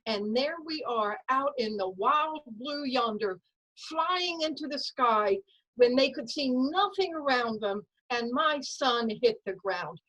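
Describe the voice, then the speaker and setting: Lively woman storyteller, slightly high voice. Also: normal speed, poor audio. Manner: lively, dramatic storytelling that acts out voices and sounds. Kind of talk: personal story told at a story slam. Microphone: video call.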